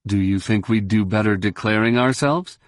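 A man plays a steady middle-aged leader in a lowish, even voice. He speaks measured and earnest, read close with a dry, dead sound. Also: dry recording, natural voice.

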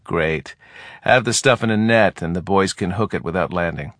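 A man's voice: deep voice, moderate pace, fairly bright tone, no room sound, studio quality, pitched below the performer's own voice. A man reading as a cocky, coarse army captain. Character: brash, swaggering male soldier captain. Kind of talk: audiobook character reading.

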